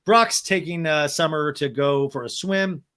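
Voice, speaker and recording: Bright-voiced man recapping with wry humor. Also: on the high side, measured pace, clear, resonant tone. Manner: chatty, wry, laughs often. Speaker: podcast host. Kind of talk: casual reality-TV recap.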